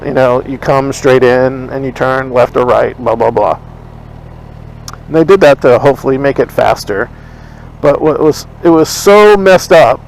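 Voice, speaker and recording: A man with a slightly high voice tells a rambling story while riding his motorcycle through town. He's blunt and swears freely, acting out both sides of an old argument. Faint road and traffic noise runs underneath. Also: darkish tone, rough recording. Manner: blunt, profane, retells arguments in quotes. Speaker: motorcycle vlogger. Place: riding a motorcycle on city streets outdoors. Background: faint street and traffic noise.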